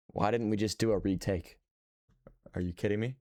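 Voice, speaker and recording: A man's voice: on the low side, steady tone, normal speed, dark tone, no echo, clean studio sound. A man streaming live, reacting to his old videos with joking, sarcastic, self-mocking commentary.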